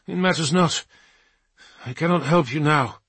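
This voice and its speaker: A man's voice: a little high, a little slow, fairly bright tone, slightly rough, dry recording, voice pushed up, full character voice. A man voicing a wounded, proud male warrior who answers in a strained, defiant tone.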